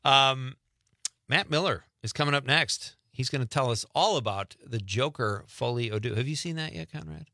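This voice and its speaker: A man's voice: mid-range voice, lively intonation, moderate pace, pushed and bright, dry recording, clean studio sound. A man hosting a radio talk show, chatting casually and joking with a guest. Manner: friendly, jokey, reads listener messages. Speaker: radio host. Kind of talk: casual radio interview chat. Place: radio studio.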